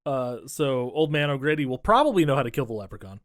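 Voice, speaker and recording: A man's voice: mid-range voice, big pitch swings, no room sound, clean studio sound. A man co-hosting a podcast, recapping a horror movie in casual, profane, sardonic chat. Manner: profane, sardonic recapping with quick voices for characters. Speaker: podcast co-host.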